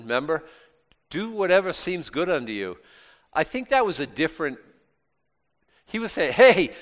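A man's voice: fairly high pitch, bright, forceful tone, in a large hall. A man leading a Bible study, reading verses aloud with raised voice and adding casual, sarcastic comments in between. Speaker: Bible teacher.

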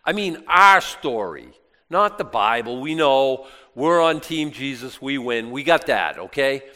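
A middle-aged man preaching a sermon in a conversational way, swinging between hushed and loud moments. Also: medium pitch, lively intonation, a little slow. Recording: long reverb in a large hall.

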